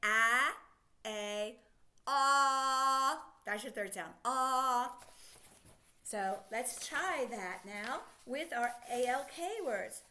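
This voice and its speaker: A woman leads a children's phonics lesson, sounding out letters slowly and praising the listener. Her sing-song teacher voice stretches each sound and moves with lively pitch.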